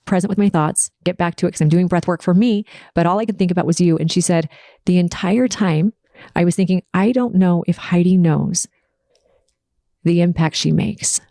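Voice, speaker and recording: A woman with a lowish, mellow voice tells a personal story on her podcast. She speaks earnestly and emotionally, in a confessional tone, and the room sounds dry. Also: normal speed, no room sound. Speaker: podcast host.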